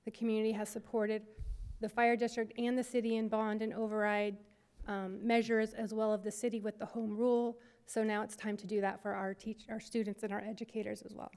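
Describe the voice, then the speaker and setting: A woman giving earnest, community-minded remarks at a council meeting, with many "um" pauses. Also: mid-range voice, flat delivery, a little mellow, smooth. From United States.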